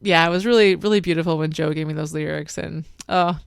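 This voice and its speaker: A woman's voice: sits low, steady tone, fast talker, gravelly, clear, resonant tone, no room sound, studio quality. A woman hosting a podcast, chatting casually and encouraging her guest with laughter. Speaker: podcast host. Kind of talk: casual interview chat.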